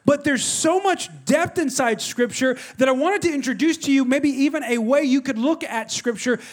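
High-voiced animated preacher, a man. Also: normal speed. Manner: animated storytelling, talks straight to the congregation. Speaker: pastor. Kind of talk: sermon.

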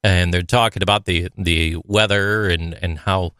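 A man's voice: sits low, steady tone, measured pace, hardly any pauses, bright, forceful tone, clean tone, no echo, clean studio sound. A man co-hosting a podcast, rambling through stories in casual chat with many fillers. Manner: rambling, lots of "you know" fillers. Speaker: podcast co-host and emcee.

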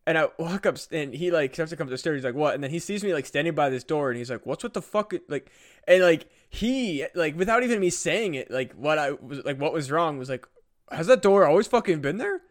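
A man's voice: a little high, expressive, brisk. A young man, a podcast co-host, telling a casual story with lots of fillers and swearing. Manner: rambling, profane, many fillers.

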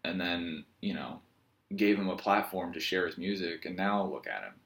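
Deep-voiced rambling man with a Virginian accent. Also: animated, normal speed, a bit bright. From Virginia, USA. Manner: joking, meandering, self-mocking storyteller. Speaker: yoga teacher and vlogger. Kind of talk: rambling casual monologue.

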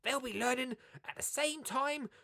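A man squeaking out a chirpy radio gardener. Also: normal speed, gravelly, bright, forceful tone, heavily acted. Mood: squeaky mimicry. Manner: squeaky, laughing through it.

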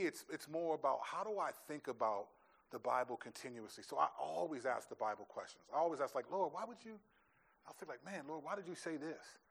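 A man's voice: a little high, fairly bright tone. A man speaking as a pastor in a church question-and-answer session, thinking aloud and often restarting his sentences.

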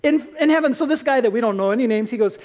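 Woman preacher, lively sermon, acts out quotes, chatty storytelling. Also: on the high side, rapid-fire. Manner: animated storytelling, acting out quotes.

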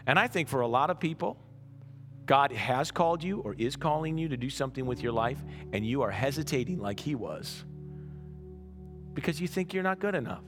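A man's voice: medium pitch, animated, a little fast, over music. A man preaching a conversational sermon as pastor, often restarting words and checking in with "right?".

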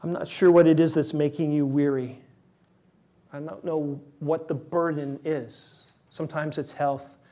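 A male pastor preaching a sermon, shifting between lively acted-out quotes and soft, slow, quiet lines, with self-deprecating humor. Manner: animated, acts out quotes with rising pitch and volume; self-deprecating humor, laughs at own slips.

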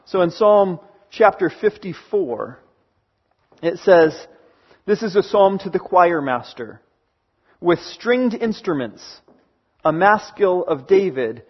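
Husky male pastor preaching casually. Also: high-pitched, animated, slow pace, dull audio. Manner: conversational preaching, storytelling with hesitant fillers. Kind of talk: sermon.

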